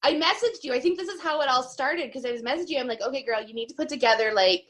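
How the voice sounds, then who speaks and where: A woman co-hosting a casual podcast chat, bubbly and gushing, telling quick anecdotes. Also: high-pitched, a bit bright. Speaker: podcast co-host.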